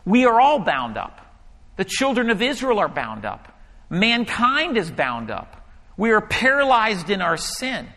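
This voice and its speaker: Bright-voiced pastor preaching in a reverberant hall. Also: male voice, sits high, a little slow. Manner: storytelling, animated, hushed in prayer. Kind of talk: sermon.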